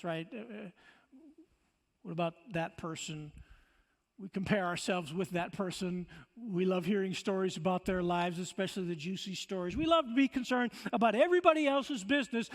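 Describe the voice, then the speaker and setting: A man's voice: very high voice, normal speed, a bit bright. A man pastor preaching a sermon in a church, emphatic, with rhetorical questions and stammering restarts. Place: church sanctuary. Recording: long church reverb.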